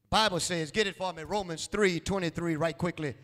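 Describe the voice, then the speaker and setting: In a church sanctuary, a man with a very high, bright, ringing voice preaches a sermon at a moderate pace with few pauses. He repeats lines, fires questions at the congregation, and swells into shouts, with a long echo from the hall.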